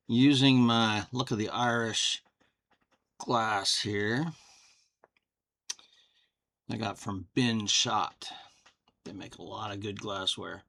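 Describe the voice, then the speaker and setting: A man from Texas casually reviewing a whiskey cocktail at home, folksy and unhurried, thinking aloud. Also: medium pitch, vocal fry, pushed and bright.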